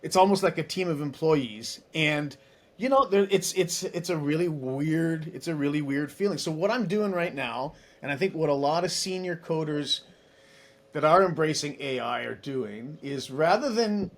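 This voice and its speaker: Lively, higher-voiced man telling a story. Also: moderate pace. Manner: animated, acts out dialogue in other voices; chatty, many restarts and asides. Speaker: guest, tech executive. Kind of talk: casual interview storytelling.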